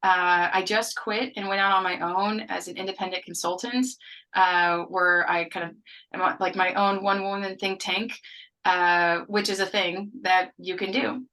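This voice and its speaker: Woman co-host, bright and forceful tone, chatty and casual, on a video call. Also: lowish voice, little pitch movement, moderate pace, low-quality recording. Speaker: webinar co-host, economist. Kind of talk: hosting a webinar panel.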